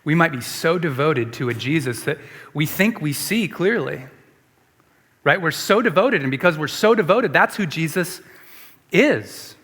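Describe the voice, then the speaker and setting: A man's voice: on the high side, animated, unhurried, fairly bright tone, breathy edge. A man preaching a sermon as a pastor, emphatic and repeating rhetorical questions to the congregation. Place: church sanctuary. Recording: long church reverb.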